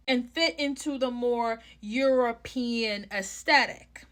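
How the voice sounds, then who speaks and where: A young woman with a New York accent rants into her phone in a blunt, heated vlog, with plenty of swearing. Her voice sits fairly high, and she takes her time, dragging out words for emphasis. It has the close, casual sound of someone talking straight to her phone camera. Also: takes it slowly, fairly bright tone. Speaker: clown content creator.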